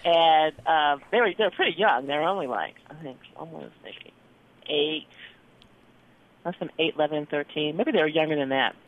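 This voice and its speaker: A doctor telling a story in an interview, acting out the dialogue with lively expression. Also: medium pitch, normal speed. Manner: animated, acts out dialogue in quotes. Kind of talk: storytelling in conversation. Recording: phone-like narrow band.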